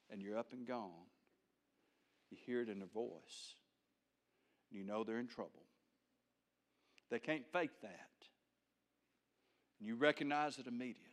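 A middle-aged male pastor preaching a sermon, folksy and homespun, dropping to soft low asides and rising to loud emphasis.

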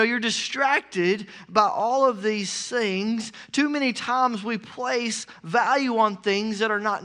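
A man preaching a sermon in a high, bright voice. He talks in a loose, conversational way full of fillers, then pushes into loud, urgent exhortation.

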